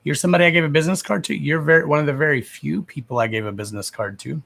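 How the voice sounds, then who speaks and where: A man's voice: a little high, racing, creaky, fairly bright tone. Chatty, foul-mouthed male livestream host. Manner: chatty, profane, laughs easily, talks to viewers by name. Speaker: psychic reader hosting a livestream. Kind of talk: casual livestream chat with viewers.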